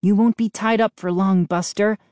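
A woman's voice: mid-range voice, fairly even intonation, normal speed, a little mellow, dry recording, clean studio sound, voice pushed up, natural voice. A woman voicing an anxious, kind young boy who talks in urgent whispers.

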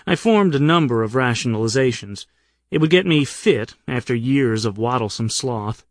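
A man's voice: mid-range voice, expressive, moderate pace, no echo. Dry funny guy reading his travel memoir, close mic, dead dry room. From United States. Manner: dry, wry comic storytelling. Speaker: narrator. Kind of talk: first-person audiobook narration.

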